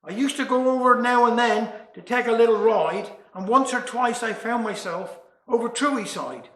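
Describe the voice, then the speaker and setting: A man's voice: very high-pitched, moderate pace, fairly bright tone, echoey room, poor audio. A man with a Cornish accent voicing an evasive country father in a comic dialect verse.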